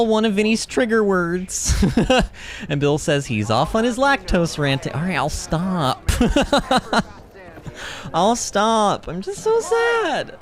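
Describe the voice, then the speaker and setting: Animated, chatty man livestreaming a game. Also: fairly high pitch. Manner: animated, chatty, rambling, laughs often. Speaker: livestream host. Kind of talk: casual gaming livestream chat. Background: game music.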